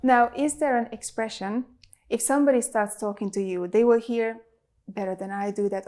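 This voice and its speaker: A woman's voice: fairly high pitch, normal speed, warm tone. A woman hosting an interview, non-native English speaker, asking questions with enthusiasm. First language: not English. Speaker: interview host. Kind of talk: casual interview chat.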